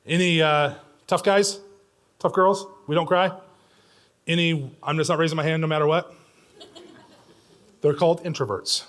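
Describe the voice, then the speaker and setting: A middle-aged man preaches to a church congregation in a high, bright voice. He moves between loud, urgent appeals and quiet, nearly whispered moments. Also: fairly even intonation, moderate pace, long pauses. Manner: swings from loud and pressing to hushed and near whispering. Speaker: pastor. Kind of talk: sermon. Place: church sanctuary.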